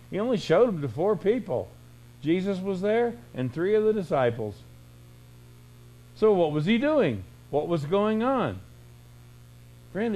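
A man preaching a sermon, emphatic and full of rhetorical questions, swinging between loud bursts and hushed lines. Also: sits high, rough recording. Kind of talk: radio sermon.

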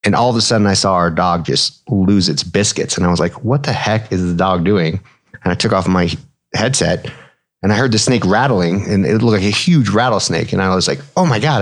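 A man in his thirties with a low, deep voice talks through medical details in a relaxed podcast chat. He explains things plainly and mixes clinical terms with casual slang, like a physician at ease with his co-host. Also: brisk.

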